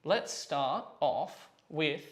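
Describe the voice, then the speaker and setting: A man with a somewhat high voice talks through a tabletop wargame match. He jokes and banters with his friends in a casual, playful way. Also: animated, very slow, fairly bright tone. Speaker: wargaming player and host. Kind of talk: casual tabletop game chat.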